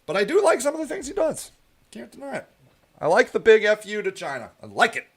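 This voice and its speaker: A man's voice: sits high, sing-song, fairly quick, slightly rough. Heated, profane man ranting on politics. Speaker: show host.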